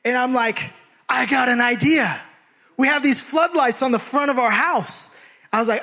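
High, bright-voiced preacher telling a story. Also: male voice, normal speed. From San Francisco Bay Area. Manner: animated storyteller, shouting and laughing through the story. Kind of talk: sermon with a personal story.

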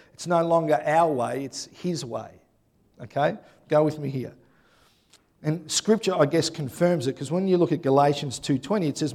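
A man preaches in a relaxed, conversational style. His voice sits a bit higher than most men's. He keeps checking in with his listeners by asking "yeah?". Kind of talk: sermon.

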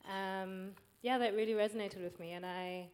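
A woman from Swaziland speaking hesitantly and softly from the audience at a panel, sharing a thoughtful comment. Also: mid-range voice, steady tone, normal speed. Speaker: audience member.

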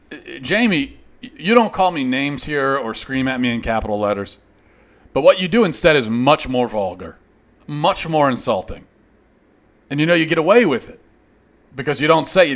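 A man's voice: medium pitch, animated, moderate pace. A man hosting a show, delivering a heated, sarcastic opinion monologue in reply to a critic. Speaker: host.

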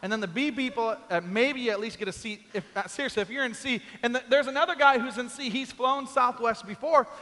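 Pastor guy telling a funny story from the pulpit, really high bright voice, big hall echo. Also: fairly quick, few pauses. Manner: animated, comic storytelling with acted-out quotes. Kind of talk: sermon storytelling.

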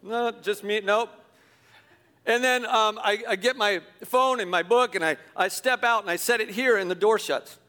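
A middle-aged man, a pastor, telling a self-deprecating story in a sermon, animated and chuckling as he goes. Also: high voice, moderate pace. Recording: long hall reverb.

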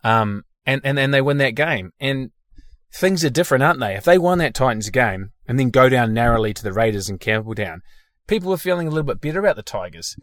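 A man's voice: mid-range voice, expressive, fast, fairly bright tone, no echo. An Australian man hosting a casual sports podcast, blunt and sweary with strong opinions. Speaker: podcast host.

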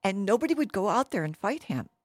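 A woman telling a Bible story in an animated, casual way, with many fillers. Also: medium pitch, fast, no echo, studio quality. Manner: lively, with many fillers and restarts.

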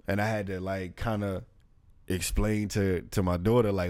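Animated young man telling a story. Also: fairly low pitch, normal speed. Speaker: podcast co-host. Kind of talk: casual storytelling chat.

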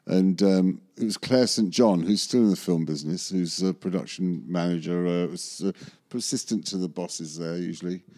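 A man's voice: deep voice, moderate pace, few pauses, mellow. A man, a magician, telling a rambling anecdote in an interview, often correcting himself and chuckling. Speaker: magician recalling film work.

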